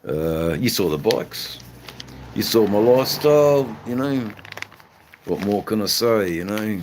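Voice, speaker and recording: Western Australian man, low voice, unhurried, rambling live-stream chat, halting. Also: expressive, a little hiss or hum. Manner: rambling, halting, many fillers. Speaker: motorcycle channel host. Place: indoors in front of a flag backdrop. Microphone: phone.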